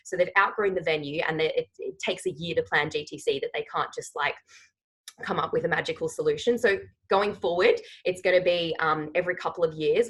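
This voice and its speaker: A woman's voice: low voice, husky, rough recording. A woman in her thirties leading a team training call, emphatic and rallying, often checking in with "okay?".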